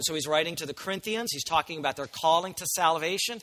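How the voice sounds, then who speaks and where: A man preaching a sermon, swinging from quiet asides to loud, emphatic scripture reading. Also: a little high, fast talker. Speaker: pastor.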